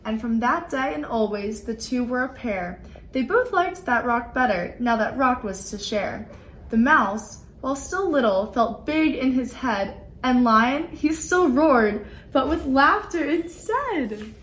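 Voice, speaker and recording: Slow, expressive woman reading a storybook. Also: fairly high pitch, slight background noise, low-quality recording. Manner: expressive storytelling, playful emphasis. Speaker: volunteer children's book reader. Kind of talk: reading a rhyming picture book aloud.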